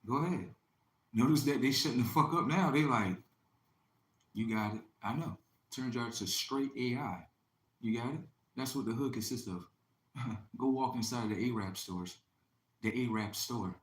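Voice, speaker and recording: A man hosting a livestream, delivering a boastful, taunting, profane monologue that swings between loud outbursts and low mutters. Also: moderate pace, long pauses. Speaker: livestream host. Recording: echoey room with faint ambient noise.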